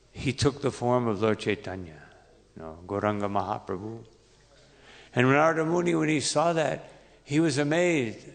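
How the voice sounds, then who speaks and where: A gravelly, creaky-voiced man gives an unhurried temple sermon and often stops to search for words. His voice carries a long reverb through a large hall. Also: medium pitch. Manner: unhurried, halting, many fillers. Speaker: monk giving a lecture.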